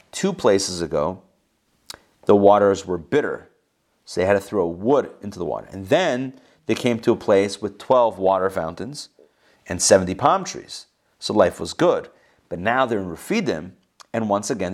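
Man reading and explaining scripture. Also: on the low side. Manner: reads verses then explains in casual asides. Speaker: Bible teacher.

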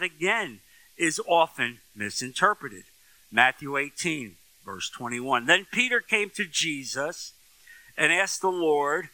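A man's voice: sits high, pushed and bright, dry recording, rough recording. A man preaching a sermon, reading scripture aloud and explaining it earnestly and emphatically. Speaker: pastor.

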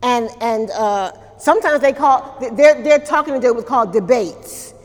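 A woman's voice: a little high, moderate pace, in a large hall. A woman pastor preaching a sermon in church, talking conversationally, repeating words and asking the congregation questions. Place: church during a service.

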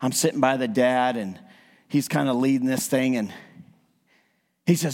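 A man preaching a sermon as a visiting evangelist, animated and acting out quotes in his stories. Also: medium pitch, normal speed, long pauses. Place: church. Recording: church sanctuary with long reverb.

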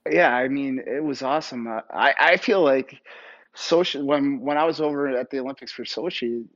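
A man, a former hockey goalie, answering interview questions in a relaxed way, filling his speech with "like" and "you know". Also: medium pitch, moderate pace, muffled recording. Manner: relaxed, filler-heavy with frequent "like". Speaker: retired hockey goalie, guest.

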